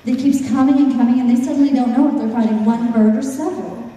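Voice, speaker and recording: A woman storyteller with a fairly high, mellow voice, telling a folk tale and slipping in dry jokes. She sounds distant from the mic, her voice ringing around a large echoing hall with faint ambience behind. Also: steady tone, quick pace. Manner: dry, joking asides to listeners. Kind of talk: storytelling with wry asides. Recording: echoey hall, far from the mic.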